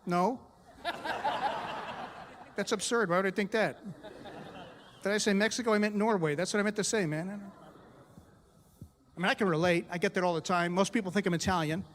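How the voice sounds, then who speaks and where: A middle-aged American man works a comedy club crowd with a punchy stand-up set and quick asides. His voice sits fairly high. A long hall reverb trails behind every line. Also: steady tone, a bit bright, a little hiss or hum. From United States.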